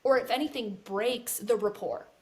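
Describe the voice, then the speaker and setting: A woman's voice: on the high side, moderate pace, darkish tone. A woman co-hosting a casual podcast conversation, earnest and talking in restarts with lots of "like". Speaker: podcast co-host.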